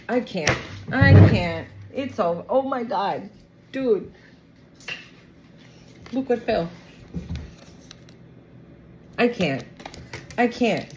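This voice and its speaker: A woman giving a casual tarot reading to the camera, animated and profane, often exclaiming and acting out the people she describes. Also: medium pitch, a little hiss or hum, poor audio. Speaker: tarot reader.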